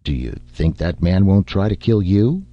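A man voicing a blunt, scornful barbarian warrior with a husky growl, in a dull lo-fi recording. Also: deep voice, lively intonation, normal speed, no room sound, voice pushed up. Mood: gruff, dry. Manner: dry, curt, mocking.

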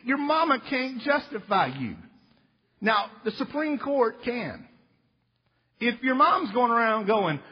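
A high, lively man preaches with joking, emphatic energy and slips into little acted voices. His voice is husky. A long hall reverb and a dull lo-fi recording tone surround him. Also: slow pace, long pauses. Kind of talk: sermon.

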